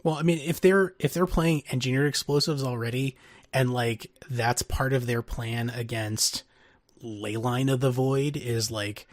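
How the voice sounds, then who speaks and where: A man co-hosting a podcast, talking casually and haltingly about card game strategy with many pauses. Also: mid-range voice, steady tone, no room sound, clean studio sound. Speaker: podcast co-host.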